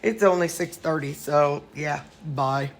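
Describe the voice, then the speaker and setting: A woman with a low, creaky voice vlogs casually at home, speaking at a measured pace. She rambles through her chores and morning routine in the kitchen and storage room, talking to her dogs as she goes.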